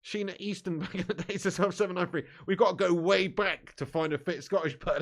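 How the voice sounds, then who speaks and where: Man, slightly high voice, live-stream host, reads viewer comments, jokey banter, laughs a lot. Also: fairly even intonation, a little fast. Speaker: football watch-along streamer.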